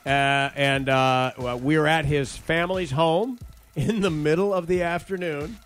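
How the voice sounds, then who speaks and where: A man's voice: fairly high pitch, a little slow. A middle-aged man hosting a morning radio show, chatting casually and telling stories with frequent laughs into a studio mic. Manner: chatty storyteller, laughs often.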